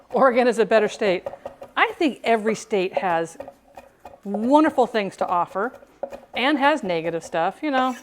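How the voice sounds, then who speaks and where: A woman's voice: a little high, lively intonation, a little slow, long pauses, slight background noise. Chatty woman hosting a cooking stream. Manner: chatty, hums and sings along, laughs often. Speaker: cooking livestream host. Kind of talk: casual cooking livestream chat.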